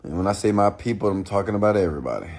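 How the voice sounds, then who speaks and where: Gravelly low-voiced man ranting bluntly. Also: expressive, racing, a little mellow. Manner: blunt, profane, confrontational; reads and answers viewer questions. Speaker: entrepreneur mentor host. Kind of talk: late-night live-stream rant.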